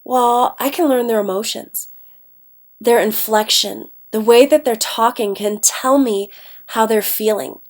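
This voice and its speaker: An Ohio woman who teaches English delivers a recorded class lecture at an unhurried pace, her voice fairly high. She has a stuffed-up nose, keeps things chatty, and often checks in with "okay?".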